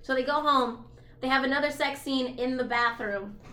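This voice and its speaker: A woman's voice: high voice, moderate pace, reverberant. A young woman co-hosting a podcast, retelling a film's plot in a casual chat, acting out the characters' lines and swearing freely. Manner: animated retelling with quoted dialogue, swearing, laughing. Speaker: podcast co-host. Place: apartment.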